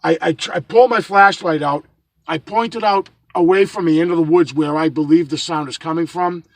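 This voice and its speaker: Man, middle-aged, gravelly voice pitched a little high, halting storyteller, dry close recording. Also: no room sound. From northern Massachusetts. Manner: halting, repeats words, many restarts. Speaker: vlogger recounting a hike. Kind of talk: casual first-person storytelling.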